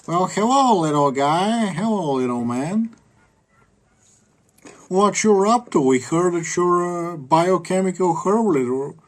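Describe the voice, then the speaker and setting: Brief: a man putting on a nosy federal agent, high and sing-song, folksy and teasing. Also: lively intonation, slow pace. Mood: mocking. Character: mocking male American federal agent, folksy and prying.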